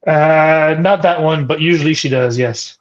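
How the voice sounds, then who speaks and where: A man's voice: a little high, normal speed, dull audio. A man joining a livestream as a guest, talking in an easygoing way. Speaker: stream guest. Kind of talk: casual chat.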